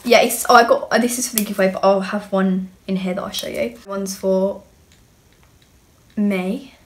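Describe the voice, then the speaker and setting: A woman's voice: mid-range voice, steady tone, moderate pace. A young woman chatting through an unboxing as a beauty vlogger, bubbly and rambling as she gushes. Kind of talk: casual unboxing chat. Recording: clear background noise with clicks.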